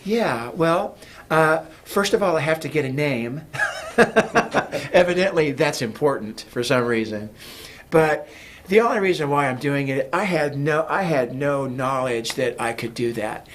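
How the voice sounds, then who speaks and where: A man's voice: a little high, animated, moderate pace, fairly bright tone, slight background noise. A man talking as a guest in a casual interview, rambling with many fillers and restarts. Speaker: guest, music producer.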